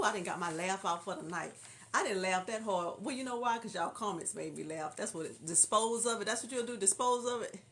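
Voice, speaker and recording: A woman's voice: on the high side, a bit bright. A woman from Houston with a natural Southern drawl, hosting a casual livestream and chatting with viewers about their comments. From Houston, Texas. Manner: chatty, laughing, reads viewer comments aloud. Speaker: livestream host.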